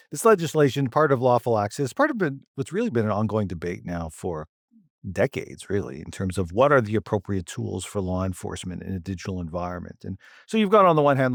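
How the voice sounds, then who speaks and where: Low-voiced man, measured and emphatic. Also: creaky, no echo, clean studio sound. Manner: measured, explanatory, with emphatic stresses. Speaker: law professor guest. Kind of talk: podcast interview.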